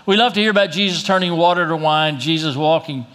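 A man preaching a sermon as pastor, reading scripture aloud and dropping low and slow to press his points, with an occasional cough. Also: a bit bright. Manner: reads scripture then drops low and slow for emphasis; coughs now and then.

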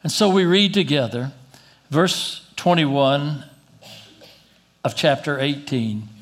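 A man preaching a sermon as pastor, reading scripture aloud and dropping low and slow to press his points, with an occasional cough. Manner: reads scripture then drops low and slow for emphasis; coughs now and then.

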